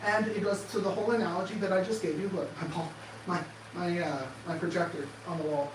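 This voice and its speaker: A man giving an animated motivational talk, firing off sarcastic rhetorical questions in a presentation room. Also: high-pitched, a little fast, background noise. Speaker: speaker. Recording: echoey room, distant mic, faint ambience.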